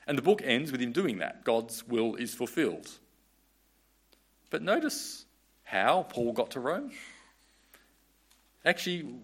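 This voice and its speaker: A man's voice: mid-range voice, a bit bright. A man preaching a sermon in an earnest, conversational way, often restarting his phrases.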